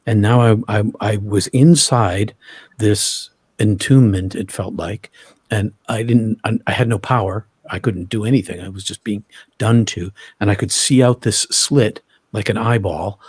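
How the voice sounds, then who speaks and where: Man, husky voice, dry close sound, halting storytelling, repeats words. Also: lowish voice, steady tone, darkish tone, no room sound. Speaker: interview guest. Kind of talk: personal storytelling in an interview.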